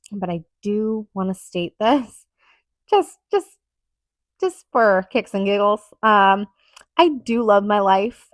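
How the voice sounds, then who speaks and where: Woman, podcast host, solo monologue, earnest, emphatic, rambling, medium pitch, dead dry sound. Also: no echo.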